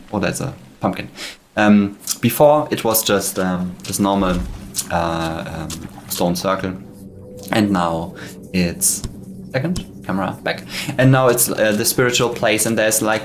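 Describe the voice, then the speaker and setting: A man's voice: fairly low pitch, slight background noise. A man, an indie game developer, chatting casually through his game with fillers, restarts and enthusiasm. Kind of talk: casual gameplay commentary.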